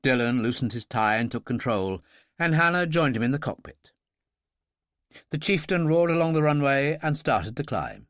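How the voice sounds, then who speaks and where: A man narrating an audiobook thriller in an expressive, measured way. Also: mid-range voice, no echo, studio quality.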